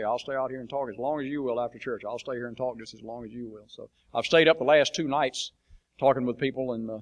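A man speaking as a missionary preacher, telling plain-spoken stories to a church congregation with a blunt, folksy manner and frequent fillers. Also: mid-range voice. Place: church sanctuary.

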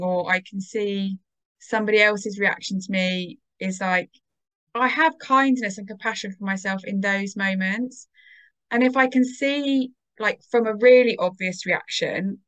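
A woman as a podcast guest, talking in a casual, animated way and acting out her own inner dialogue. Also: mid-range voice. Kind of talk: casual conversation.

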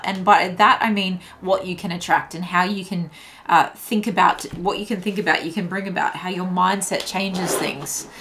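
A woman reads tarot cards in a relaxed, musing way, thinking aloud and circling back over her phrases. Her voice sits at an ordinary pitch for a woman. Faint noise runs in the background. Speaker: tarot reader. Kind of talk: casual tarot reading to camera.

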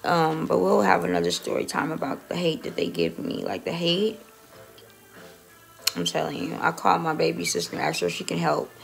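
Woman vlogger, low gravelly voice, rambling, foul-mouthed, phone mic, faint music. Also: expressive, fairly quick. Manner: chatty and rambling, swears often. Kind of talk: casual phone vlog. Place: dentist office. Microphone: phone held close.

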